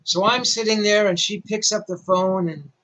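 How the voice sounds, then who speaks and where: A man's voice: high-pitched, normal speed, bright, forceful tone, low-quality recording. An older male rock journalist telling a story animatedly, with self-deprecating humor. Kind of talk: storytelling interview.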